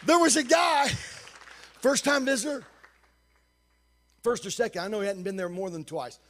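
A man preaching a sermon in a church, telling a healing story with animated, often shouted delivery. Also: very high-pitched, some chatter behind, slight background noise. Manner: quick, hushed reading of scripture.

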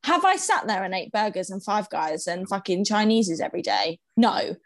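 A young woman chatting casually, animated, swearing freely and laughing often. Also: medium pitch, normal speed. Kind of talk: casual chat.

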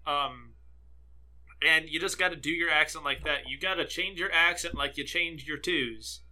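A man's voice: on the high side, moderate pace, bright, forceful tone. A young man from the American South, co-hosting a casual chat, rambling, swearing and laughing often. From southern United States. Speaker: podcast co-host.

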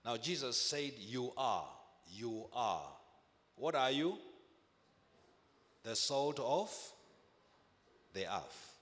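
A man preaching a sermon in a slow, deliberate cadence, his low voice swinging widely from high bursts to deep drops. He repeats phrases for emphasis, and his words ring out with a long reverb as if across a large hall. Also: very animated, fairly bright tone.

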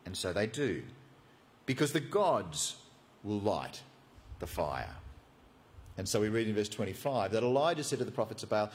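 A man's voice: on the low side, sing-song, moderate pace, pauses often. A man preaching a sermon, retelling a Bible story with playful, conversational asides.

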